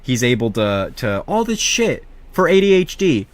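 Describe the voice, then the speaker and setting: A young man telling a rambling, profane story in a casual, animated way, with many restarts. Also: medium pitch, normal speed. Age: young adult. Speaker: vlogger.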